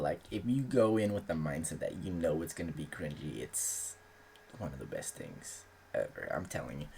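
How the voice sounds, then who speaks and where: A young man with a deep, gravelly voice talks casually as the host of his own channel. His speech is loose and rambling, peppered with filler words and the odd swear. His pitch swings widely, rising and dropping as he goes. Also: a little mellow, slight background noise. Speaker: aspiring author and channel host. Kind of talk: casual chat.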